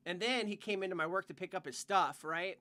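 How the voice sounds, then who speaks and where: A man's voice: sits high, brisk, sharp tone. A young man co-hosting a podcast, telling a rambling work story full of "like" and swearing in casual chat. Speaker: podcast co-host.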